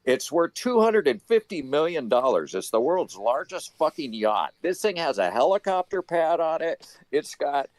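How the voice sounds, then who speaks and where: A man tells a story with heat and plenty of swearing as a guest on a loose live political chat. His pitch jumps up and down a lot as he talks. The sound is dry and close, with no room around it. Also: sing-song, normal speed, a little mellow, no echo. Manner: heated, profane storytelling.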